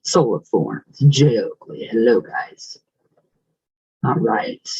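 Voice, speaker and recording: A man hosts a chatty vlog, greeting his viewers one by one in a husky, mid-pitched voice. He rambles through fillers and restarts and sometimes rolls his R's. The recording sounds dull and lo-fi. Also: sing-song, slow, darkish tone. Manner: rambling and affectionate, many fillers. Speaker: vlogger reading viewer comments. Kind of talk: casual chat.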